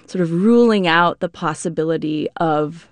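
A woman speaks as a guest on a radio interview, explaining history thoughtfully. Her voice is smooth and clear, a little low for a woman. The recording is close and dry. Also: normal speed, dry recording. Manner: thoughtful, explanatory, with frequent fillers.

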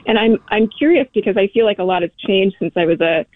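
A woman's voice: medium pitch, quick pace, no echo. Young woman caller on a tinny phone line. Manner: earnest, hesitant, many fillers. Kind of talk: radio call-in question.

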